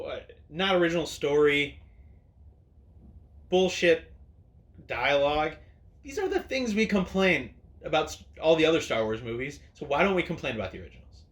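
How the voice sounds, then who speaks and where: A man's voice: a little high, fairly bright tone. A man hosting an opinion video, ranting sarcastically and swearing freely at the camera. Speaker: video host. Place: indoors at a camera.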